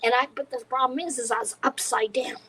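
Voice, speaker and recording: A woman comedian telling a story in a casual interview, animated and acting out other people's lines. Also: on the high side, a little fast, a loud crowd, poor audio. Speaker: comedian guest. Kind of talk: conversational storytelling.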